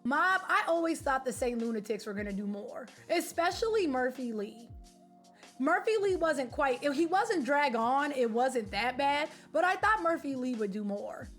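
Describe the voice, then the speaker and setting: A woman streamer chatting casually with her live viewers, animated, slangy and opinionated. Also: high-pitched, normal speed, faint music behind. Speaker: game streamer.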